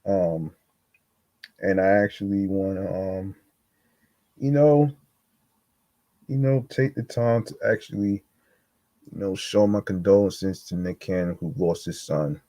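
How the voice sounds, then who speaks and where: Halting, choked-up man, slow and low. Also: dark tone, no room sound, poor audio. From New York. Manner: halting, many fillers and restarts, emotional. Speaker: podcast host. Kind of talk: solo podcast commentary.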